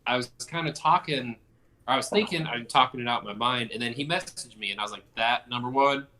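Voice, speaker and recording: Podcast co-host, male, bright and forward tone, rambling, profane, jokey. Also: mid-range voice, fast. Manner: rambling, swears freely, jokey. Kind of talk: casual chat.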